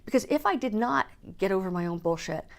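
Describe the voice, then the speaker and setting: A woman's voice: medium pitch, expressive, fast talker, creaky. A woman in a personal vlog, speaking candidly and emotionally, and swearing casually. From Canada. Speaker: speaker and coach.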